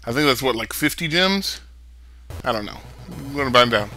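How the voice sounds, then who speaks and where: A man's voice: mid-range voice, animated, normal speed, long pauses, bright, forceful tone, faint music behind, poor audio. A man hosting a let's play, giving casual game commentary with crude, rambling jokes. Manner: joking, crude, rambling asides.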